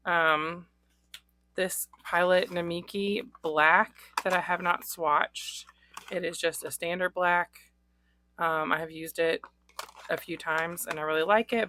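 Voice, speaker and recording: A woman's voice: fairly low pitch, fairly bright tone. A woman vlogging about her fountain pen inks in a casual, chatty way, with lots of ums and small laughs. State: recovering from a cold. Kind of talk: casual show-and-tell vlog.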